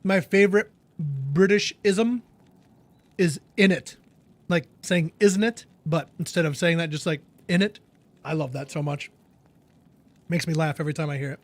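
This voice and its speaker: A man's voice: on the high side, moderate pace, pauses often, no echo. A man streaming a game, chatting casually with viewers in a jokey, laid-back way. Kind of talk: casual chat.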